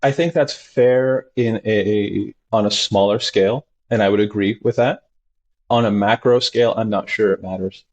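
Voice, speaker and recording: A man, a doctor talking as a guest, telling stories animatedly and acting out his patients in sudden high voices. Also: steady tone, normal speed, dull audio. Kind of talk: animated conversational storytelling.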